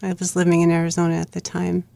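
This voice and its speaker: A middle-aged woman, an author guest on an interview show, earnestly recounting her own life story in plain, steady narration. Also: lowish voice, fast, vocal fry, dry recording.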